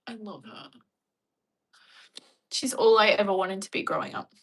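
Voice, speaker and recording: Woman streamer, bright voice, playful chat with viewers. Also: mid-range voice, steady tone, moderate pace. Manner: chatty, playful, laughs often. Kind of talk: casual chat.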